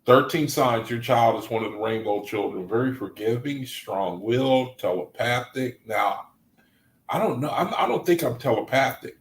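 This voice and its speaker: A man reading aloud to a study group and commenting, excitable and gushing with exclamations. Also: mid-range voice, moderate pace, reverberant, rough recording.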